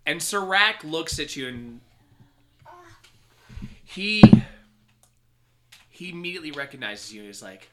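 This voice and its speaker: A man's voice: fairly high pitch, expressive, a little slow, pauses often, sharp tone, slight background noise. Man narrating as game master.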